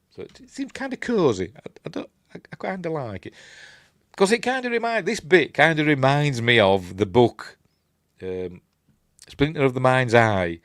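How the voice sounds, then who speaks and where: Chatty Yorkshire man, lively pitch. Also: no room sound, studio quality. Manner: chatty and rambling, with tag questions and asides. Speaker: film reviewer, host. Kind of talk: casual film commentary over the movie.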